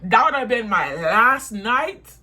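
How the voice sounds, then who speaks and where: A young woman tells a storytime vlog in a bright, sharp voice. She vents heatedly, swearing and repeating her points for emphasis. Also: a little high, very animated, slow. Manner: heated, profane, repetitive venting.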